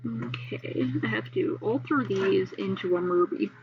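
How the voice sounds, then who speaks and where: A woman's voice: mid-range voice, a little slow, recorded from a distance, highs cut off, faint music behind. A woman streamer chatting casually with her viewers while she works on art, reacting aloud and swearing now and then.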